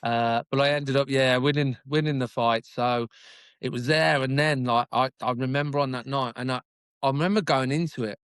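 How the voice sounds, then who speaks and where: Speaking at a moderate pace with a steady tone, this man's mid-range voice comes across smooth and fairly bright on a dry recording. He's a British podcast guest from the United Kingdom in his forties, sharing his story in a chatty, self-mocking way with frequent laughter.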